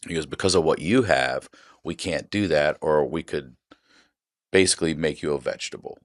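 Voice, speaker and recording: A man's voice: extremely low pitch, normal speed, no echo, clean studio sound. A middle-aged man on a podcast, casually telling a profane story and acting out the people in it. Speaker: podcast guest.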